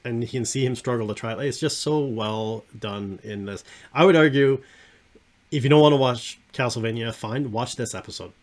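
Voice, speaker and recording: A man's voice: medium pitch, normal speed. Rambling, enthusiastic male podcast host. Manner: enthusiastic, rambling, trails off quietly at phrase ends. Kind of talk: casual discussion of an animated series.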